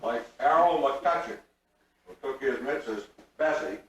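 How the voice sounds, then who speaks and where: A man's voice: medium pitch, animated, a little slow. An older man, telling folksy rural jokes to a reunion crowd in a drawling way and acting out the punchlines. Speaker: storyteller. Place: large room at a reunion. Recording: echoey room, recorded from far off.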